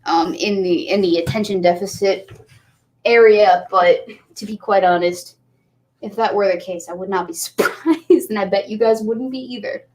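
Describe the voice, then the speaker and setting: Tipsy woman rambling to her viewers, easily distracted, voice leaps up when she gets excited. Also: moderate pace. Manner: rambling, easily distracted, jumps around in pitch. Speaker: channel host. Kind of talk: casual chat to viewers.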